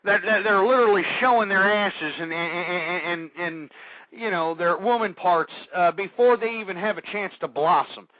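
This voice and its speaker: A man's voice: high-pitched, animated, normal speed, no echo. A man hosting an internet radio talk show, ranting angrily in a preachy monologue and stumbling over repeated words. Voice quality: stammering, repeats words when worked up. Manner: angry, indignant, preachy. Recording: dull lo-fi internet radio audio.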